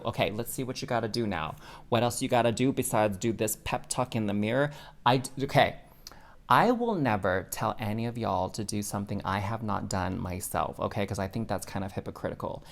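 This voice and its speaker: A man giving a pick-a-card tarot reading as host, sassy and expressive, calling the listener honey. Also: lowish voice, fairly quick. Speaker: tarot reader.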